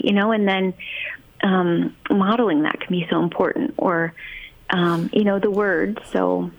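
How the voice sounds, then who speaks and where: A woman speaking as a child therapist guest in a casual podcast conversation, thoughtful and unhurried, with many ums and you-knows. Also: on the low side, steady tone, creaky, phone-quality sound.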